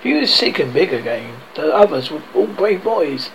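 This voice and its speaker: A man reads a storybook aloud in a gravelly, fairly high voice that rises and falls a lot. He trips over words and goes back to fix them. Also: big pitch swings, moderate pace, a bit bright, a little hiss or hum, low-quality recording. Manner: stumbles and corrects himself often. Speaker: reader.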